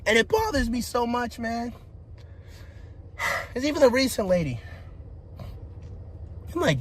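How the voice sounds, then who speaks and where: A man's voice: big pitch swings, unhurried, long pauses, slight background noise. Man venting in a frustrated rant. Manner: frustrated venting with heavy profanity, restarts, pitch rising into shouting. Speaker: vlogger. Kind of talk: personal rant to camera.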